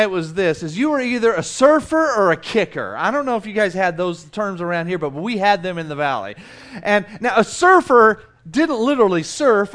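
Man, 40s, South Texas native, high-pitched, lively conversational preacher. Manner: animated and conversational, with self-mocking humor and repeated restarts. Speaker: pastor. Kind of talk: sermon.

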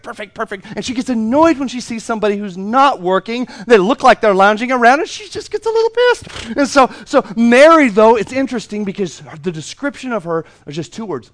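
A male pastor preaching a sermon, animated and playful, acting out the voices in a story and repeating words for emphasis. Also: high-pitched, a little fast.

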